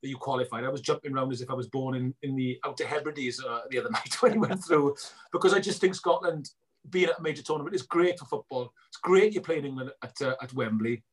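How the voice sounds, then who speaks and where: Fast-talking man, husky voice. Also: medium pitch. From Wales. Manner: animated storyteller acting out both sides of conversations. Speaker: guest filmmaker. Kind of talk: casual interview chat.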